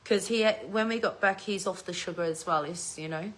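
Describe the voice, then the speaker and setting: A woman's voice: fairly low pitch, normal speed. A middle-aged woman with an Australian accent, telling a home story to her viewers in a chatty way and swearing freely. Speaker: vlogger.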